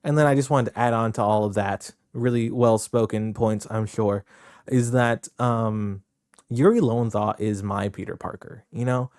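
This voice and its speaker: Low-voiced man gushing as a fan. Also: fairly even intonation, normal speed, darkish tone, clean tone, no echo, clean studio sound. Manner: enthusiastic fan, conversational. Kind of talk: casual commentary.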